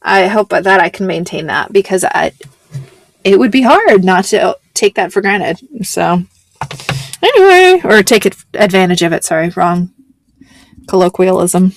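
Chatty woman with a gravelly edge. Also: on the low side, moderate pace. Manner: rambling, laughs often, swears casually. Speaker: podcast host recapping a TV show. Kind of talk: casual chat.

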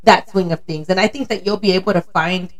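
A woman's voice: on the low side, steady tone, a little fast. A young woman co-hosting a podcast, chatting casually and telling candid stories with frequent laughter. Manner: candid storytelling, laughs often. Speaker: podcast co-host. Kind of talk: casual chat.

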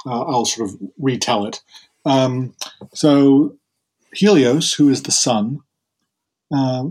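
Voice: mid-range voice, slow, darkish tone, low-quality recording. Chatty storyteller retelling a myth. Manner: chatty, frequent fillers and laughs. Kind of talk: casual storytelling.

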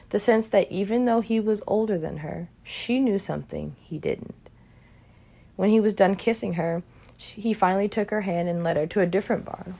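A woman reading a short story aloud in a calm, even manner. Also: mid-range voice, creaky. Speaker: reader.

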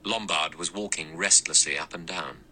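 Low slow guy narrating a mystery book, bright crisp tone. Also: a little hiss or hum. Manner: deliberate, even storytelling. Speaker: audiobook narrator. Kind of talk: scripted narration.

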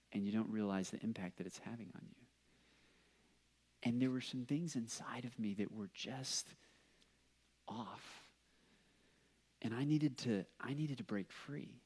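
A young man preaching a casual sermon, telling stories with lots of fillers and animated asides. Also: on the low side. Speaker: pastor.

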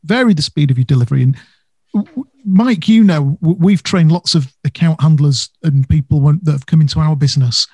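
A man's voice: a little high, fairly quick, dark tone, husky, no room sound. A man co-hosting a casual business podcast, talking animatedly and stressing words for effect. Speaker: podcast co-host.

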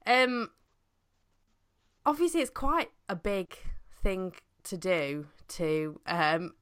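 A woman hosting an interview podcast, her voice low-pitched yet bright and forward. She responds with effusive encouragement and warm amazement. She frames her questions in a relaxed, chatty way. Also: takes it slowly, smooth. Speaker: podcast host.

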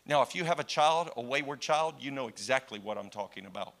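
A man preaching a sermon to his congregation, swinging between hushed, slow lines and impassioned cries. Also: mid-range voice, animated.

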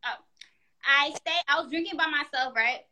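A woman in casual chat, telling a story in an animated, profane way and acting out the quotes. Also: high voice, moderate pace.

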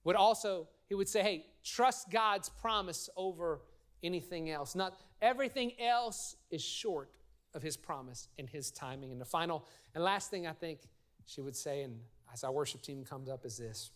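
Middle-aged pastor, high-pitched man, preaching a lively, story-driven sermon with call-and-response. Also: moderate pace. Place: church sanctuary.

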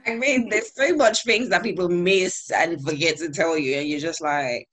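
A woman and mother in casual chat, agreeing readily and talking quickly. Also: fairly low pitch, a bit bright.

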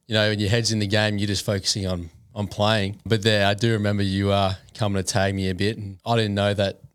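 A young man as a podcast guest, answering in a laid-back, measured way. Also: fairly low pitch, level tone, smooth, dry recording, studio quality. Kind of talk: casual chat.

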